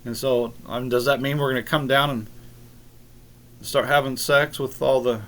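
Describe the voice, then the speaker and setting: A man giving a rambling, halting monologue on scripture, arguing with critics he addresses directly. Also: mid-range voice, fairly even intonation, fairly bright tone. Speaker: religious video maker.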